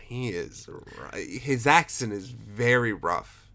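Speaking slowly with a creaky, middle-pitched voice, the host of a casual film chat is animated and emphatic, swearing freely through plenty of restarts.

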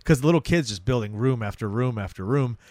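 A man's voice: mid-range voice, lively intonation, fast, a little mellow, no room sound. A man co-hosting a podcast, chatting casually and retelling scenes with quoted lines. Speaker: podcast co-host. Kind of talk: casual recap chat.

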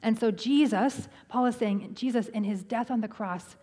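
A woman's voice: a little high, normal speed, poor audio. A middle-aged woman pastor preaching a sermon in a conversational way, restarting phrases and adding humorous asides. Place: church. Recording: loud background noise.

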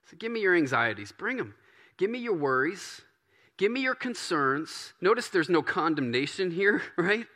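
A man preaching a sermon in a relaxed, conversational way, often acting out prayers in a softer voice. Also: high voice, moderate pace. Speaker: pastor.

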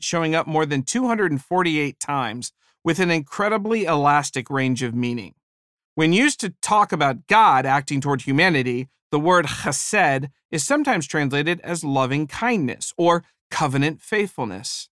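A man's voice: a little high, sing-song, normal speed, fairly bright tone, no echo, clean studio sound. A man preaching a sermon, emphatic, building his points to rising peaks.

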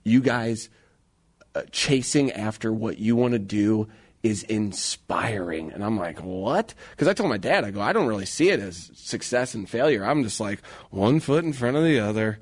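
A man in his thirties co-hosting a radio talk show, earnest and excitable, with slangy casual chat in a studio. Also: lowish voice, normal speed, slightly rough. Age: 30s.

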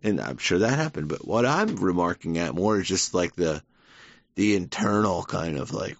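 A man's voice: low-pitched, lively intonation, normal speed, vocal fry, dry recording, lo-fi sound. A man hosting a podcast, talking in a rambling, wry monologue and laughing often. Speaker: podcast host. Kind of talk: casual monologue.

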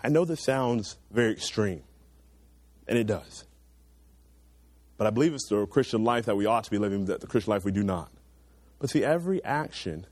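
With no room sound in the recording, a young man urges a teenage audience through an earnest sermon, climbing to loud moments and then dropping into quiet, low asides.

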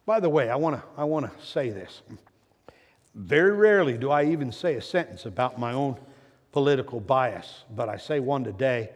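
A male pastor delivering a sermon, swinging between loud emphasis and hushed drops, and putting questions to his congregation. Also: mid-range voice. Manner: asks the congregation rhetorical questions. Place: church sanctuary. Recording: long church reverb.

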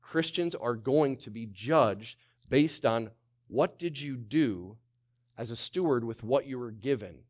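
A male pastor preaching a sermon, swinging from loud to hushed, firing rhetorical questions and calling on the congregation to answer. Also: medium pitch, lively intonation, unhurried. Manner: asks many rhetorical questions.

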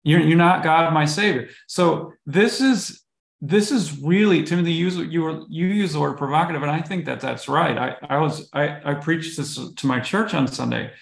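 Pastor guy on a bible podcast, super gravelly, earnest, kinda echoey room. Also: fairly high pitch, moderate pace. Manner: earnest, explanatory, with frequent restarts. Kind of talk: bible study conversation.

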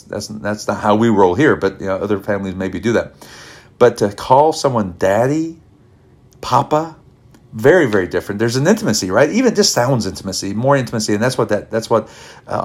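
A male pastor with a fairly low voice delivers a podcast sermon. He speaks from the heart and rambles, restarting his sentences often. He sounds emotional, close to tears.

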